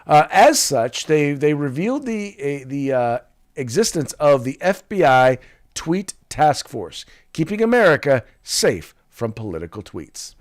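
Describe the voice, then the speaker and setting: A man's voice: fairly high pitch, very animated, unhurried. A man hosting a political talk podcast, chatting casually with many restarts and fillers and reading sponsor spots. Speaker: podcast host.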